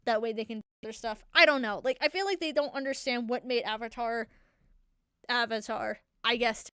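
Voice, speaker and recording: A woman's voice: fairly high pitch, normal speed, pushed and bright, smooth, dry recording, clean studio sound. A young woman hosting a solo talk show into a desk microphone, chatting casually and animatedly, rambling and laughing often. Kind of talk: casual chat.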